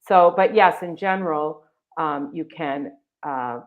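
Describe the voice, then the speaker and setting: A woman's voice: sits low, slow. Chatty woman presenting a webinar. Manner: chatty, enthusiastic, many fillers and restarts. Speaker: webinar presenter for a text library. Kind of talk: live webinar walkthrough. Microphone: video call. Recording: dull lo-fi video call audio.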